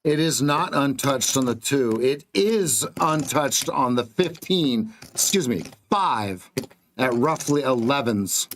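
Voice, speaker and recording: A man's voice: mid-range voice, expressive, slow pace, fairly bright tone, a little hiss or hum. A man coaching viewers through a live trading stream, giving clipped, blunt market calls with casual slang.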